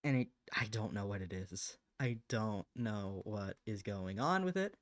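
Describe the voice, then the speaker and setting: Her rumbling low voice has lively intonation and an unhurried pace, and the recording is dry. Drawing on a home live stream with a desk microphone, she chats casually, talks to herself as she works, and occasionally gushes to her cat.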